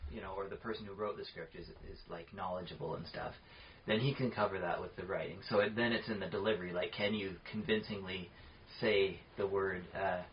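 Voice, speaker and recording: A man's voice: deep voice, steady tone, fairly quick. A man co-hosting a podcast in casual chat, often restarting his sentences and laughing. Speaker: podcast co-host. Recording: dull lo-fi podcast audio with faint noise.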